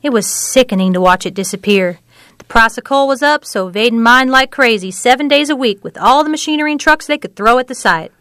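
An actress voicing an earnest, measured woman who tells of a family's troubles. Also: a little high, a bit bright, no room sound, studio quality, lightly acted. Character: woman, an older local who runs a clinic.

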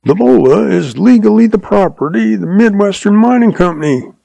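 A shrewd old cowboy drawls along in a calm, folksy way, amused at everyone else, as a man puts him on. The voice sits well above the reader's own and keeps a gravelly edge. The sound is dry and close. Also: high voice, brisk, dry recording, pitched above the performer's own voice, exaggerated voice. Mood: sly calm. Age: older.

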